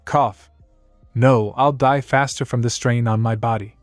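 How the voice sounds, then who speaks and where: A man's voice: medium pitch, fairly even intonation, measured pace, no room sound. Male narrator, first-person fanfic, wry complaining tone, dry booth sound, faint music bed. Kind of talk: first-person fan fiction reading.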